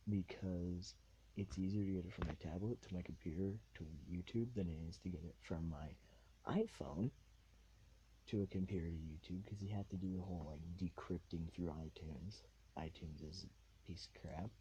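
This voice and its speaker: A man's voice: deep voice, dark tone, lo-fi sound, a little hiss or hum. A man hosting a solo podcast, talking in a rambling, laid-back way full of fillers, recorded on a tablet. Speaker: podcast host.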